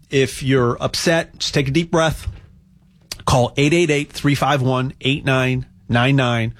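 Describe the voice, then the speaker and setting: A man giving a casual, rambling sales monologue on gold, repeating words and ranting with rising energy. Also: medium pitch. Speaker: gold promoter.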